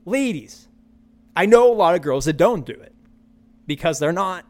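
A man's voice: high-pitched, animated, normal speed, long pauses, a little hiss or hum. A man hosting a solo podcast, ranting with profanity and repeating his lines for emphasis. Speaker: podcast host.

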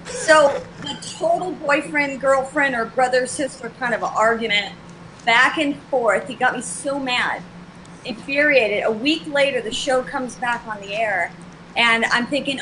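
A woman tells a personal story on a talk show in an animated way, acting out each side of the dialogue. Her voice is bright and sharp and sits fairly high. Faint ambience runs underneath. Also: a little slow, a little hiss or hum, low-quality recording. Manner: animated, acts out both sides of the dialogue. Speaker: guest.

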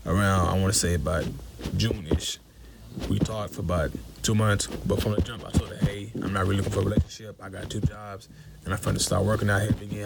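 A man's voice: lowish voice, vocal fry, very noisy. A young man calling in, bluntly telling a personal story in slangy speech. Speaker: caller.

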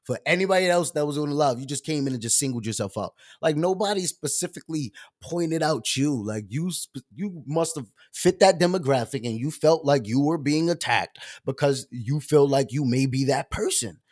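A man's voice: fairly high pitch, lively intonation, normal speed, few pauses, a little mellow. Passionate, slangy man ranting casually. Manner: passionate, emphatic, conversational; loose slangy speech with many fillers. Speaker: show host. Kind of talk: casual storytelling rant.

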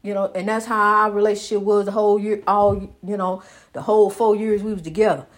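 A woman preaching a personal testimony, rhythmic and repetitive, calling the listener honey and building to loud exhortation. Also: medium pitch, little pitch movement, a little fast. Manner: rhythmic, repeats phrases, calls listener honey.

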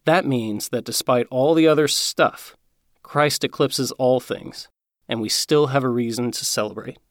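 Man reading a christmas story, steady and earnest, dry close sound. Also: mid-range voice, measured pace, no room sound.

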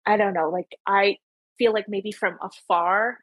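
A woman's voice: mid-range voice, fairly even intonation, a little slow, dry recording, rough recording. A young woman with a Canadian accent from Ontario, hosting a podcast in casual chat, rambling with many fillers. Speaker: podcast host.

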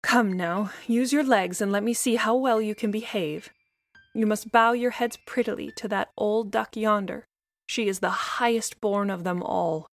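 A woman's voice: medium pitch, steady tone, normal speed, no echo, natural voice. A woman voicing a fussy, proud mother duck in a storybook reading, her voice slightly raised.

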